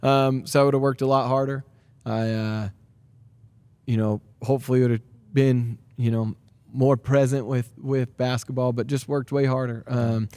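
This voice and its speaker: A basketball coach in his thirties answers interview questions with earnest energy, restarting sentences and leaning on fillers. His voice is mellow and warm, sitting at an ordinary pitch for a man. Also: clean tone, dry recording. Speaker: high school basketball coach. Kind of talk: podcast interview.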